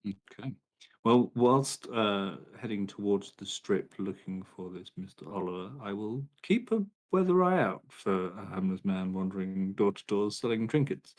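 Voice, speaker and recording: A man playing a tabletop game, relaxed as he describes his character's actions. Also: on the low side, normal speed. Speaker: player. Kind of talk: casual tabletop play.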